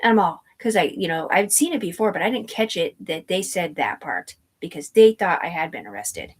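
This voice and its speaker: Woman, low-pitched voice, rambling storyteller, swears a lot, lots of asides and fillers. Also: sing-song, a little fast, breathy edge. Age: adult. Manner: tangential, swears freely, many fillers and asides. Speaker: vlogger telling a personal story. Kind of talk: rambling first-person storytelling.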